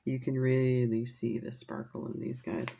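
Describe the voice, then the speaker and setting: A woman's voice: rumbling low, expressive, normal speed, creaky, phone-quality sound, noisy background. A woman chatting casually while showing off craft supplies, rambling into a childhood story and gushing over sparkle. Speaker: crafting vlogger.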